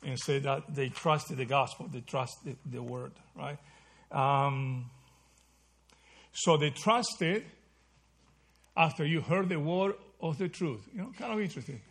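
A man's voice: on the high side, a little slow, pauses often, fairly bright tone, husky. A man teaching a Bible study in a conversational sermon style, often checking in with his listeners and correcting himself mid-phrase. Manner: conversational, checks in with "okay?" and "right?".

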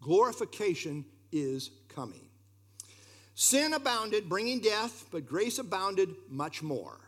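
A man's voice: high voice, big pitch swings, slow. A man preaching a sermon, emphatic and putting questions straight to his listeners. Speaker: pastor.

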